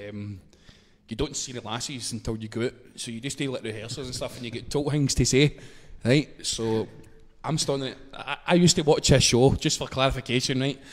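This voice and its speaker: A man with a Glaswegian accent telling a casual story. He swears freely, laughs as he goes and acts out the scenes. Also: mid-range voice. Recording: long reverb in a hall-like room.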